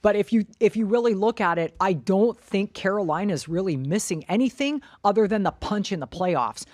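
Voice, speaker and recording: A woman's voice: mid-range voice, lively intonation, normal speed, darkish tone, no echo. A woman co-hosting a sports podcast, blunt and opinionated, swearing casually as she argues her points. Her voice sits in a middle range and the recording is dry and close. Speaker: podcast co-host.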